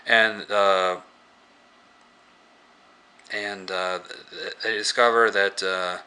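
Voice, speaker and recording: A man casually recapping a movie scene by scene, rambling and halting with many filler words. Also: fairly low pitch, fairly even intonation, pushed and bright, clean tone. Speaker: movie reviewer.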